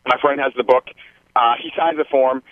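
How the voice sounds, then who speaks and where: A man's voice: medium pitch, steady tone, normal speed, no room sound. A man calling in to tell an anecdote, briefly mimicking the people in it. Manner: storytelling, briefly mimics others. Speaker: caller. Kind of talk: phone-in anecdote. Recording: tinny phone line.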